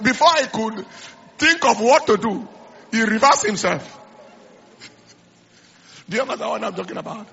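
A man's voice: extremely high pitch, moderate pace, creaky, pauses often, sharp tone, husky. A middle-aged man preaching a sermon, telling stories and repeating phrases, with stammered restarts. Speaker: pastor. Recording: slightly dull lo-fi sound.

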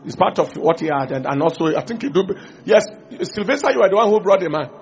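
A man preaching a sermon in an animated way, acting out small dialogues and asking the congregation questions. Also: high voice, fast, muffled recording, slight background noise. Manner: animated, acts out little dialogues, asks the audience questions.

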